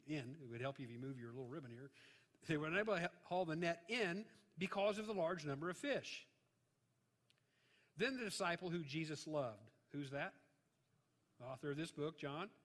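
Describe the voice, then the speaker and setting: A man preaching a conversational Bible-teaching sermon, animated and joking, acting out voices as he retells the passage. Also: high voice. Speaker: pastor. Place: church sanctuary. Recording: long reverb of a large hall.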